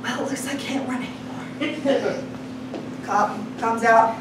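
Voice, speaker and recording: Speaking to a live crowd, this woman shares a personal story in a high, slightly slow voice with long pauses, laughing frequently and animatedly mimicking the people she quotes. The mic sits far away in an echoey, noisy room.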